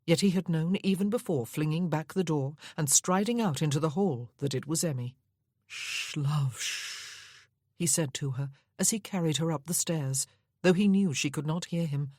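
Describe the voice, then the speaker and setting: A woman narrating a Regency romance audiobook in a steady, measured way. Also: low-pitched, dry recording, studio quality. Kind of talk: reading a Regency romance novel aloud.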